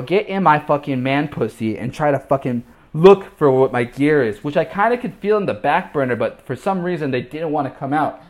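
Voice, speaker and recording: A young man telling a crude personal story, heavy on profanity. His voice sits mid-range but leaps into high, panicked yelps when he acts out the moment. Then it sinks into quiet, defeated murmurs. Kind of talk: casual storytelling.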